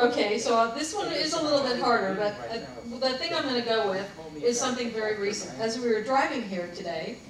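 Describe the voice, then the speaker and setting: A woman's voice: on the high side, fairly quick, hardly any pauses, a crowd in the background. A woman leading a workshop, telling stories with frequent laughs and asking the group to discuss. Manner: chatty, laughing, anecdotal. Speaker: workshop leader. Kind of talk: casual group workshop talk. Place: meeting room with a group. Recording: very echoey room, far from mic, faint background hiss.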